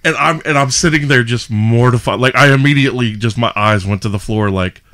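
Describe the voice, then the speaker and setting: A man's voice: medium pitch, a little fast, fairly bright tone. A young man, a podcast host, telling a story animatedly with frequent laughter and self-mocking asides. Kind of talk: casual storytelling.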